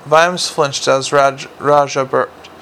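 A man's voice: mid-range voice, fairly even intonation, takes it slowly, fairly bright tone, a little hiss or hum. A man narrating a fantasy story aloud, often stumbling and restarting words. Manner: reads with frequent slips and restarts. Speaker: audiobook narrator. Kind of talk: audiobook narration.

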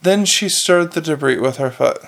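A man's voice: fairly high pitch, normal speed, vocal fry, a bit bright. A man narrating a novel aloud in a plain, unpolished reading with frequent restarts. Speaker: audiobook reader.

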